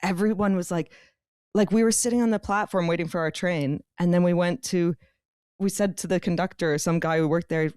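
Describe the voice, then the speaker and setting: Low-voiced woman telling a funny travel story on a podcast, dry close sound, acts out the voices. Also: brisk, smooth, no room sound. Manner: animated, acts out quoted voices, laughs mid-story. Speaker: podcast co-host. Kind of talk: casual comedic storytelling.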